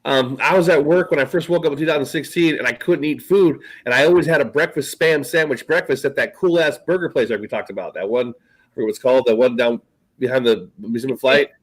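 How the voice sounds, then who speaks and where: A man's voice: mid-range voice, quick pace, breathy edge, poor audio. A man co-hosting a casual talk show, rambling through stories and swearing often. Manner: rambling, swears freely, trails off. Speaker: podcast co-host. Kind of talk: casual chat.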